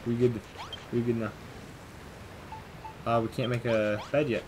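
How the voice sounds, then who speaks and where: A man's voice: medium pitch, little pitch movement, unhurried, background noise. Man mumbling casual gameplay commentary. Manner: mumbles to himself, reads game text aloud. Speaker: let's play host.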